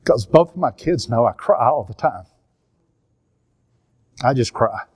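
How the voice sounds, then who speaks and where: Older man with a Southern drawl, mid-pitched, for a church seminar speaker sharing candid family stories. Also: expressive, unhurried, slightly rough. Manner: earnest storytelling, confessional. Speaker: minister and counselor teaching a seminar.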